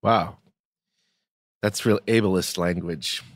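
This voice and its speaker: A man's voice: deep voice, slow pace, dry recording, clean studio sound. A man co-hosting a comedic chat show, ranting in mock outrage and joking around. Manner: animated, mock-outraged, jokey rants. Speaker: podcast co-host.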